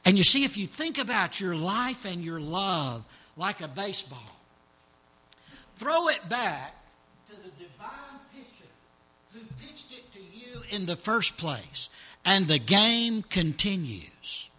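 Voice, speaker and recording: A slow-paced man preaching in a church service, his voice bright and a little higher than most. He tells stories dramatically, and his voice falls to a near hush on key words. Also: sing-song, husky. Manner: dramatic storytelling, drops to hushed tones. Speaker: pastor. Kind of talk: sermon.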